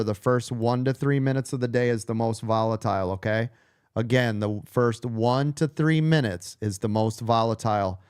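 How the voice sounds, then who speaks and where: A man's voice: mid-range voice, clear, resonant tone, dry recording, clean studio sound. A man losing his voice, coaching a live trading room, blunt and profane, repeating key points.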